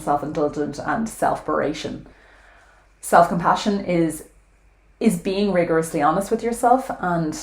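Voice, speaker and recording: Low-voiced woman vlogger, earnest. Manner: earnest, frank, swears casually. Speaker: weight loss vlogger. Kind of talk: casual talk to camera. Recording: echoey room.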